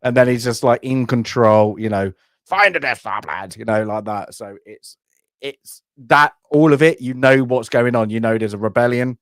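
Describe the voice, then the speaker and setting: A man's voice: medium pitch, steady tone, normal speed, clean tone, no echo, clean studio sound. A man co-hosting a casual film review chat, rambling and hesitant with frequent restarts. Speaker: podcast co-host.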